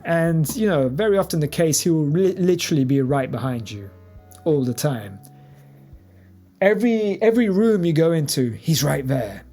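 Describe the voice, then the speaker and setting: A man spinning a sarcastic comic anecdote, his voice rising and falling in a lively way. Faint music plays behind him. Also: on the high side, normal speed. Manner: sarcastic, animated. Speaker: comedian. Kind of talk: comedic storytelling.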